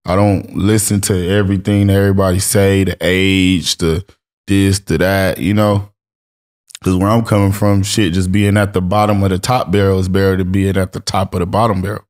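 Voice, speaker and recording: A man's voice: sits low, flat delivery, normal speed, darkish tone. A man from Los Angeles, a streetwear brand owner, talking casually as a podcast guest, telling stories with slang and acted-out quotes. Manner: laid-back storytelling with acted-out quotes and slang. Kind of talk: casual interview talk.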